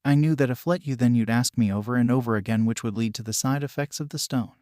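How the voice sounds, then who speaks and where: A man voicing a hot-headed young male pirate captain who swears while shouting. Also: medium pitch, fast, no echo, studio quality, close to an everyday voice. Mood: angry.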